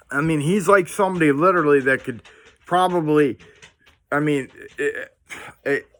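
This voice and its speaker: A man hosting his own channel, telling a story to camera in a casual, excitable, rambling way full of restarts and slang. He is talking indoors at home. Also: on the high side. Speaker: paranormal storyteller, channel host.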